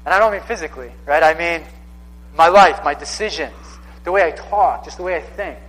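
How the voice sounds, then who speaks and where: A man's voice: on the high side, a little fast, a bit bright, in a large hall, rough recording. A man in his thirties preaching a sermon in a casual, conversational way, often repeating himself for emphasis. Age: 30s. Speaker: pastor.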